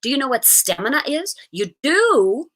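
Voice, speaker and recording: A woman puts on a middle-aged male schoolteacher who is theatrical and strict. He barks orders briskly and leans into every word with a lively, swooping delivery and a bright edge. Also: high-pitched, pitched above the performer's own voice, exaggerated voice. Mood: commanding. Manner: brisk, commanding, dramatic.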